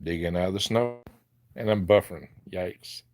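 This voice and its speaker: A man's voice: low voice, normal speed, a little mellow, soft background music. An older man with a Southern US accent hosting a casual live chat into a handheld phone, folksy and chuckling often. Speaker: livestream host.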